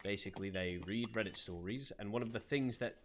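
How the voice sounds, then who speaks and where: A man's voice: on the low side, a little fast. A man on a live gaming stream, chatting in character with a put-on accent, greeting viewers by name and laughing often. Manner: puts on an accent for his character. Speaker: streamer playing a roleplay character.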